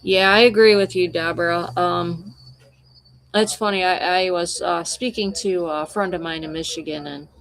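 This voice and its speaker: A woman's voice: fairly low pitch, fairly even intonation, normal speed, fairly bright tone. A woman wildlife photographer chatting casually with livestream viewers, telling meandering, conversational stories.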